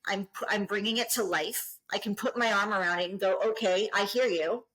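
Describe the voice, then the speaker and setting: On a podcast, a middle-aged woman who works as a business coach speaks earnestly and encouragingly, often repeating and restarting phrases. Her voice is medium-pitched and a bit bright, her pace moderate, and the audio quality poor.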